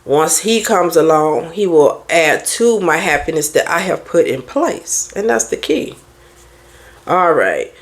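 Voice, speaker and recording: A middle-aged woman life coach talks casually, her pitch swinging widely as she lays down blunt advice. She sounds preachy and direct, sometimes mimicking other people's words to make a point. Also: big pitch swings, a little slow. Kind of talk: casual motivational talk.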